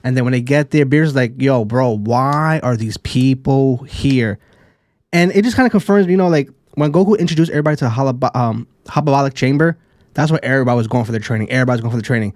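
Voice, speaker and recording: A man's voice: mid-range voice, racing, a little mellow. Male co-host, loose profane rants, dry recording with no room echo. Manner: loose, exasperated, profane ranting. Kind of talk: casual anime discussion.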